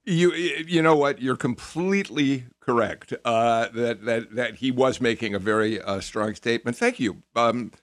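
A man hosts a radio interview, speaking conversationally and often restarting his phrases. His voice sits at a middle pitch, and the studio sound is dry and close. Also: unhurried, few pauses, no room sound. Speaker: radio host.

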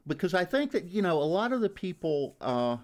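A man with a strong Southern US accent, a regular radio commentator speaking in a measured way and repeating words as he thinks. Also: high voice, very animated. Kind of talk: radio conversation.

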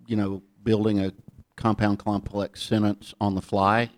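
A man with a Southern US accent, hosting an interview with relaxed storytelling. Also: lowish voice, measured pace, dry recording. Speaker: host. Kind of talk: radio interview.

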